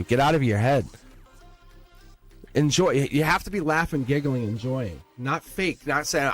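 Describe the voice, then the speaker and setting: A man giving a live-stream tarot reading, excitable and blunt, swearing and laughing as he talks to viewers. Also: medium pitch. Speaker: tarot reader.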